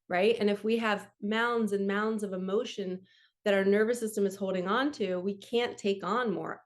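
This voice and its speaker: Earnest woman reading spiritual guidance. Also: medium pitch. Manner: gentle, earnest, laughs easily. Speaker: spiritual coach and card reader. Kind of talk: casual reading aloud from a book with commentary. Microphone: camera.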